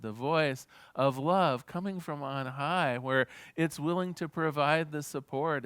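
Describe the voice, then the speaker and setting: A minister giving a sermon in an earnest, gentle teaching manner, with small restarts as he talks. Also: on the high side, clear, resonant tone, dry recording.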